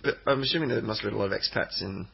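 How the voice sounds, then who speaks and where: Here the same kind of football podcast co-host speaks in a low, racing, creaky and slightly rough voice. He meanders through his talk with frequent ums and pauses, livening up during stories, and the audio is dull and lo-fi.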